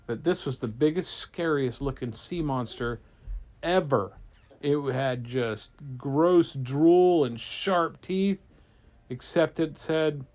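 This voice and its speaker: A man, a parent, telling an improvised bedtime story to a child in a gentle, playful way. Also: fairly high pitch, takes it slowly.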